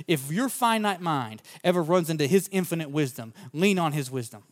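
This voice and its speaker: Earnest storytelling preacher, a man. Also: a little high. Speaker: pastor. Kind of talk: sermon with personal story.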